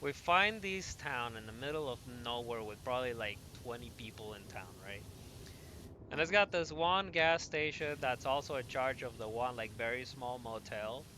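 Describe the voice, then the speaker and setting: A young man rambles through a story in a lively, casual way, full of fillers and restarts. His voice is bright and forward. A faint hum sits under the recording. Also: mid-range voice, moderate pace. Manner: animated, lots of fillers and self-corrections. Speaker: gaming podcast host. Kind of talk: casual storytelling while gaming.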